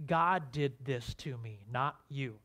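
A man's voice: medium pitch, slow pace, bright, forceful tone. A man, a pastor, preaching a conversational sermon, asking his listeners rhetorical questions and restarting his phrases.

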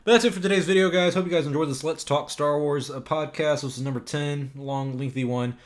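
A young man hosting a casual podcast, answering viewer questions in an animated, rambling way, laughing and swearing. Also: fairly high pitch, a little fast. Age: young adult. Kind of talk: casual chat.

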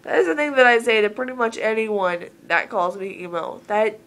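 A woman's voice: on the high side, lively intonation, moderate pace, fairly bright tone. A woman from Southern Oregon talking casually to camera in an earnest, rambling way, full of filler words. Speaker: vlogger.

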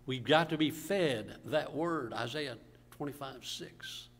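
This pastor's voice runs a little high and a bit bright, expressive and moderately paced. He coughs at times as he preaches, pelting the congregation with rhetorical questions and asking for amens. The sound has the reverb of a church hall, recorded in the sanctuary.

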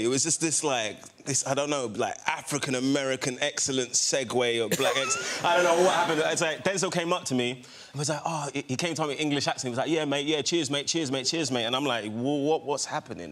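A man telling a rambling, excitable story as a guest on a chat show. He keeps restarting his sentences and laughs as he talks. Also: on the high side, slight background noise. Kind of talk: casual chat show anecdote. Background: studio audience laughter.

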